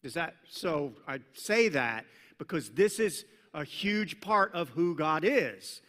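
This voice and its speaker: Animated male pastor in a reverberant church. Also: on the high side, slow pace. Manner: animated, playful storytelling with sudden loud mock commands. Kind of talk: sermon. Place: church sanctuary. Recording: long reverb from a large church hall.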